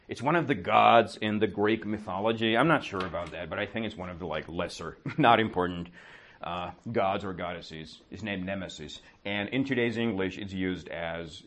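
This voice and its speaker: A man with a slightly low voice tells a lesson as a casual story. He keeps asking himself questions and answering them, tacking "right?" onto his points. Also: a little hiss or hum. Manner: animated, asks and answers his own questions, often adds "right?". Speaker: teacher.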